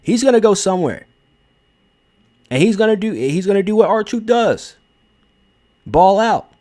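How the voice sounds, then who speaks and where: A young man talks through his take in a casual, unscripted way, blunt and emphatic and sprinkled with profanity. He restarts sentences and leans on fillers as he thinks aloud. His voice sits a little higher than most men's. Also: lively intonation, measured pace, dark tone. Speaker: wrestling commentary host. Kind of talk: casual opinion commentary.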